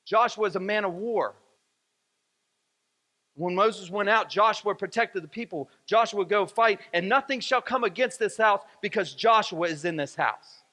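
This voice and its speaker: A man preaching in a church sanctuary, his voice high and bright, carrying a long echo off the hall. He leans on repetition, circling the same phrases again and again for emphasis. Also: moderate pace. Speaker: pastor. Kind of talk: sermon.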